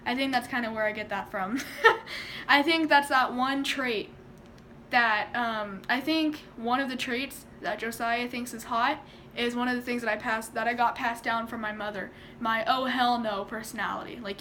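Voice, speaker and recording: A young woman telling a story in a casual vlog, chatty and animated, acting out quotes and laughing often. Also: a little high, moderate pace, a little hiss or hum. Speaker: vlogger.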